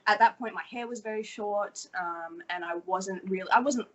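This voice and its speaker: Over a rough recording, an Australian woman in her thirties talks at a moderate pace in a mid-range voice. Energetic and given to casual swearing, she's chatting as a guest on a podcast in a relaxed interview.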